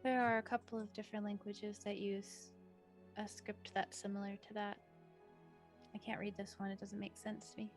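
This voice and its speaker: A curious woman playing a tabletop game who keeps asking questions. Her voice has an ordinary, mid-range pitch. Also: flat delivery, normal speed, faint music behind. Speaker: player. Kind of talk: casual tabletop play.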